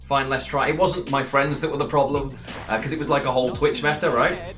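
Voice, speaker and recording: A man's voice: mid-range voice, steady tone, a little fast, music in the background. A man giving casual, rambling gameplay commentary while streaming and answering chat between plays. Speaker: streamer playing a card game.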